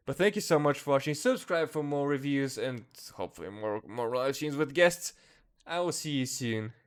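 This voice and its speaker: A man giving an angry commentary rant as an online reviewer, heated and profane with bitter laughs. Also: mid-range voice.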